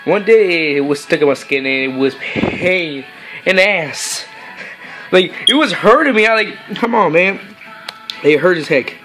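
Male vlogger, slightly high voice, unhurried rambling delivery full of fillers, coaxing with pets. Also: lively intonation, over music. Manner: rambling and halting, with many fillers and broken sentences; soft, coaxing talk to pets. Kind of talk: casual chat to camera with his cats.

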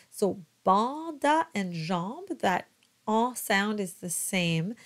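A woman talks slowly and patiently as a diction coach for choirs. She spells out letters and models each word with care, repeating it several times. Her voice sits at a middle pitch. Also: very animated. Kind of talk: slow, careful pronunciation coaching.

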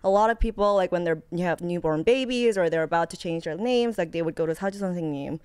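A woman's voice: lowish voice, rapid-fire, darkish tone, clear, resonant tone, no room sound. A woman, a guest actor on a podcast, chatting casually and explaining things with lots of "like" fillers. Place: podcast studio.

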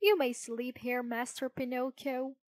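A woman reading aloud plays a very polite male poodle butler, formal and courteous. She speaks slowly, close and dry. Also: sits high, steady tone, dry recording, pitched above the performer's own voice.

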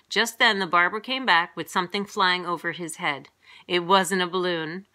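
A middle-aged woman reading a picture book aloud to young children in a lively way, jumping up in pitch for the characters' lines. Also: normal speed. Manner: lively, voices characters with big pitch jumps.

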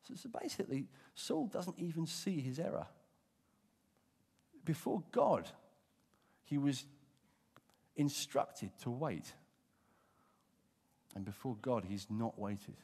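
British pastor guy preaching, super lively pitch, big hall echo, dramatic. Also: takes it slowly, gravelly, long pauses, breathy edge. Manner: expressive, dramatic, swings from hushed to emphatic. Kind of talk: sermon. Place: church. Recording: long reverb of a church hall.

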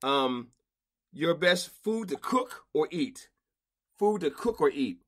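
A man hosting a casual podcast interview, slangy and animated, often repeating himself. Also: on the high side, slow pace, breathy edge. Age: older. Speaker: podcast host.

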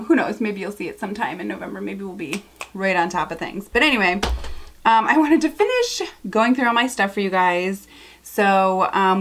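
A woman's voice: medium pitch, slight background noise. A woman in her thirties at home, chatting casually to camera as a beauty vlogger, gushing and full of fillers and asides. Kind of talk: casual haul review to camera.

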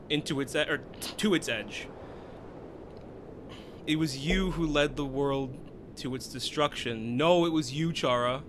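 A man reading a cold, menacing demonic child spirit from a video game aloud, in a slow, low, ominous delivery. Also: a bit bright, a little hiss or hum, natural voice.

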